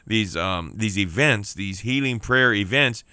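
A man's voice: fairly low pitch, animated, measured pace, sharp tone, dry recording. A man preaching a sermon on the radio, emphatic, repeating key lines and calling out for amens. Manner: emphatic preaching with repeated phrases and call-outs for amen.

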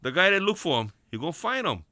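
A man with a Hawaiian Pidgin accent preaches on his ministry program, hammering points home through folksy repetition. His pitch swings widely and his voice has a bright edge. The sound is close and dry. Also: big pitch swings, fast, dry recording. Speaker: prison ministry host.

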